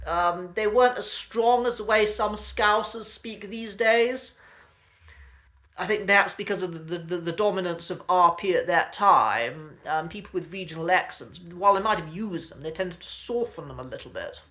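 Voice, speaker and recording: A man explains things in a relaxed, conversational way, like an accent coach chatting to viewers. His voice is bright and forward, with a thoughtful, unhurried delivery. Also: sits high. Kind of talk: casual educational talk.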